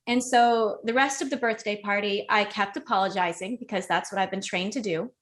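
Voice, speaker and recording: A young adult woman, a podcast guest, telling a personal story in casual conversation, animated and emotional with frequent restarts. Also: medium pitch, moderate pace.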